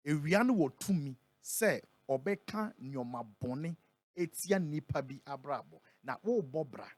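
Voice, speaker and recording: Ghanaian guy, prophet on the radio, reads bible verses slow and loud on the big words, dry close sound. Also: on the high side, animated, no room sound. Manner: reads scripture aloud, slowing and swelling on key words. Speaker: prophet, interview guest. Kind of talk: radio interview, reading scripture. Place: radio studio.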